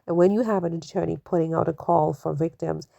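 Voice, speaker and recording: This woman runs an opinion commentary channel, sounding skeptical as she asks rhetorical question after rhetorical question, full of "you know"s and fillers. Her low voice is creaky yet warm, steady in tone and brisk, recorded dry.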